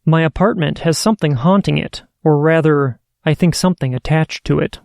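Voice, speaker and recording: A man hosting a podcast, reading listener stories aloud in a steady, earnest way. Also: a little high, brisk, creaky, dry recording, studio quality. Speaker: podcast host.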